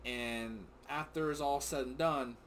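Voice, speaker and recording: Over a little hiss or hum, a middle-aged man with a medium-pitched voice talks at a measured pace. Co-hosting a wrestling recap show with his son, he keeps things casual, excitable and rambling, often getting sidetracked and breaking into laughter.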